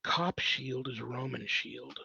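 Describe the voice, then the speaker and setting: A man's voice: mid-range voice, slow, creaky, pushed and bright, breathy edge, no echo, dull audio. A man, a priest hosting his own show, answers viewer questions at home in a casual, rambling way full of fillers. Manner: rambling, filler-heavy, thinking aloud. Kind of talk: casual livestream Q&A.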